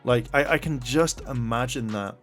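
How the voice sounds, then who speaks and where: A man's voice: mid-range voice, normal speed, faint music behind. A man giving a profane, irritated commentary rant and reading articles aloud with lots of fillers. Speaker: commentary vlogger. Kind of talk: ranting commentary.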